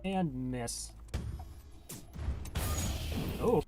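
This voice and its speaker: A man giving casual commentary on his own game run, thinking aloud, reading game text and counting out loud. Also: fairly high pitch, animated, takes it slowly. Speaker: gamer playing and narrating his old run.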